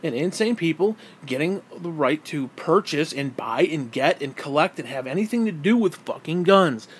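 A man's voice: a little high, animated, normal speed, slightly rough. A man giving a heated, exasperated political rant to camera, swearing freely. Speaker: vlogger.

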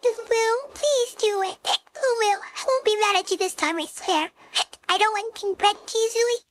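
A woman voicing a tall young wolf girl who keeps hiccupping, speaking in a squeaky, flustered, halting way in an audio role-play. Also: slight background noise. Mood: flustered pleading. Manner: flustered, pleading, halting speech. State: hiccupping constantly.

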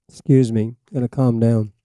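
Older preacher with a dark, dry voice. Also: male voice, medium pitch, no echo. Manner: emphatic, rising to forceful peaks then dropping to asides. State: coughing, frog in his throat. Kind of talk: sermon teaching.

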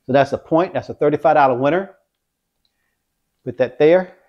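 A man vlogging his craps practice, talking viewers through each throw with excitement. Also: fairly high pitch, moderate pace, highs cut off. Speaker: dice-control craps vlogger. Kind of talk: casual play-by-play while throwing dice.

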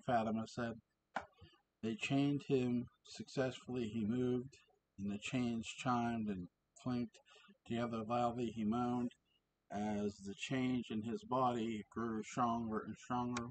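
Man, slow, halting home reader of his own story, mid-pitched. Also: fairly even intonation, a little hiss or hum, poor audio. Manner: halting, slow, many ums, asides about his cats. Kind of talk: casual story reading. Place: home with cats around.

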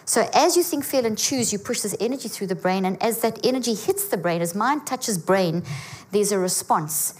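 A woman giving an energetic teaching talk to a church audience, often checking in with her listeners. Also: mid-range voice, moderate pace, husky. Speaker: guest speaker. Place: church auditorium.

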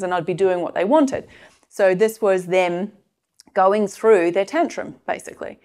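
A woman's voice: mid-range voice, normal speed, darkish tone. A middle-aged woman giving a personal, confessional teaching talk, with many fillers and restarts. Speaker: course presenter sharing a personal case study.

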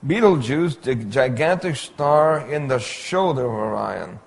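A man giving an illustrated Bible lecture, pointing out details on slides in a slow, deliberate way. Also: medium pitch, animated, creaky. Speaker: Bible teacher.

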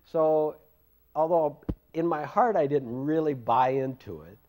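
A man's voice: on the high side, measured pace, a little mellow. Older man telling a rambling story. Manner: rambling, self-deprecating, laughs often. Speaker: devotee recalling memories. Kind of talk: casual storytelling interview.

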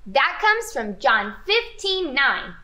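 A woman's voice: high-pitched, very animated, takes it slowly, sharp tone. A woman presenting a children's church video, upbeat and talking straight to the kids. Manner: upbeat, speaks to kids, sing-song. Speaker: children's ministry leader.

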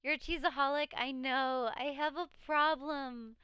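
A tired woman streamer with a high voice, chatting loosely with her viewers and reading out their messages. Her voice cracks now and then. The sound is dry and close, with no room in it. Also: steady tone, unhurried, pushed and bright, no room sound. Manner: chatty, reads chat aloud, frequent laughs. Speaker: live streamer. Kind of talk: casual live-stream chat.

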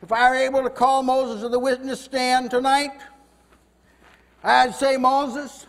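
Fervent high-voiced male preacher, echoey. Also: little pitch movement, measured pace. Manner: fervent, rises loud when voicing God and Moses. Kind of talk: sermon. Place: house church meeting room.

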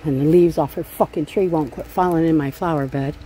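A middle-aged woman with a lowish voice talks straight into a phone as she walks her backyard garden outdoors. She is blunt and foul-mouthed, venting her anger between remarks on her plants. A faint outdoor hum sits under her voice. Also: fairly even intonation, a little fast, warm tone. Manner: blunt and profane, venting angrily. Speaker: vlogger. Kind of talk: casual gardening vlog. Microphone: handheld phone camera.

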